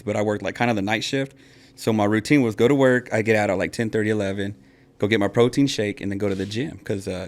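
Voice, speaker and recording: A man in his thirties talks quickly, his stories tumbling out. His voice sits a little low, and he lapses into loud imitations of the people in his anecdotes. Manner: animated storyteller, acts out voices in anecdotes. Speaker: podcast host. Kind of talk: casual chat.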